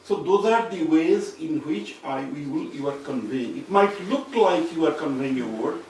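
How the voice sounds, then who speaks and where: A man with a fairly high voice lectures at a seminar, explaining patiently and circling back to rephrase his points. He sounds far from the mic, in a heavily echoing room. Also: animated, moderate pace, darkish tone, slight background noise. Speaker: seminar speaker. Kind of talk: academic lecture. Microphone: distant room mic.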